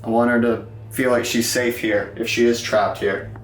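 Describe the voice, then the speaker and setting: A young man, hosting a ghost hunt in a dark basement and talking to both viewers and spirits in a jumpy, excitable way. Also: medium pitch, moderate pace, a little hiss or hum. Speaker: paranormal investigator and host. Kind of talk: casual vlog narration during a ghost hunt. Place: dark basement of an old club. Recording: echoey room.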